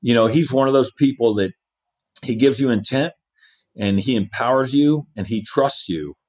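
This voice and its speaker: A man's voice: medium pitch, moderate pace, a little mellow. A man in his fifties, an Army division commander, earnestly recounting personal stories in an interview and acting out quoted dialogue. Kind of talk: interview storytelling.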